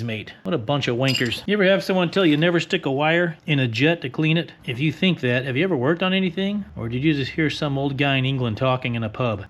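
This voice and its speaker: A man's voice: mid-range voice, slight background noise. Wisecracking older man tinkering with a bike. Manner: wisecracking, blunt, explains as he works. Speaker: motorcycle restorer. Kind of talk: casual how-to narration while working.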